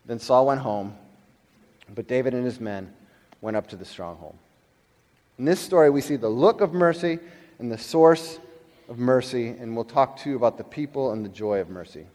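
A middle-aged man preaching a sermon, telling stories with animated emphasis that drops to quiet, slowed lines. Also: mid-range voice, long reverb tail. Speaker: pastor.

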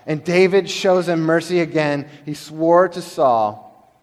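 Preacher in a big echoing hall. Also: male voice, fairly high pitch. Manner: animated storytelling, swings between loud emphasis and quiet, slowed lines. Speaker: pastor. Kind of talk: sermon.

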